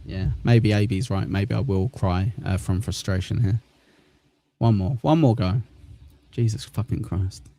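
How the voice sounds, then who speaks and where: English man with a Manchester accent, stream host, low mellow voice, close and dry, casual and sweary. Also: a little slow, no echo. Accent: Mancunian. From southern England. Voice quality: swears often, laughs at himself. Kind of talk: casual live-stream chat.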